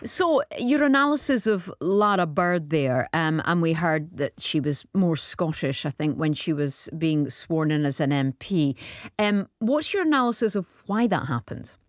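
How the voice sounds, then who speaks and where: Lively woman hosting a phone-in. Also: low-pitched, unhurried, dry recording, studio quality. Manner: friendly and encouraging, with lots of short backchannels. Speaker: radio phone-in host.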